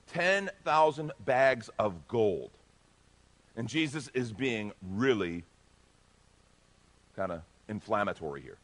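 A male pastor preaching a sermon, emphatic and animated, swinging between loud bursts and hushed asides. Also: fairly low pitch, takes it slowly, long pauses.

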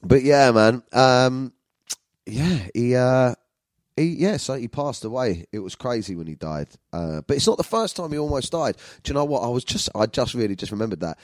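A man's voice: medium pitch, lively intonation, moderate pace, dry recording. A man, a comedian telling rambling, sweary stories about his family. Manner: sweary, rambling, with frequent fillers. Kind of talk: storytelling monologue.

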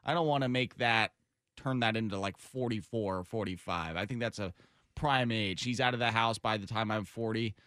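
A man's voice: fairly low pitch, normal speed, fairly bright tone, clear, resonant tone, dry recording, studio quality. A man in his thirties co-hosting a radio show, chatting casually and teasing. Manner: joking, teasing. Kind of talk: casual chat.

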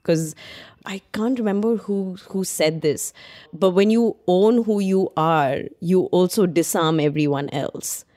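A woman's voice: lowish voice, a little slow, warm tone. A woman musician, a guest chatting casually and earnestly on a podcast. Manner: enthusiastic, rambling, earnest. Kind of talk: casual chat.

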